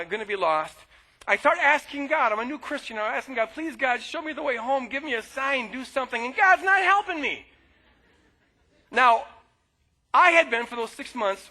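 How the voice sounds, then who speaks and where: A middle-aged male pastor preaching a sermon, telling a personal story in an animated way and shouting at times to act out anger. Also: extremely high pitch, low-quality recording. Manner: animated storytelling, bursts of loud shouting when acting out anger.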